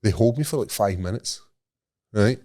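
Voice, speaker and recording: A Scottish man in his thirties, co-hosting a podcast and telling a sweary, animated story in casual chat. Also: fairly low pitch, moderate pace, no echo, studio quality. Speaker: podcast co-host.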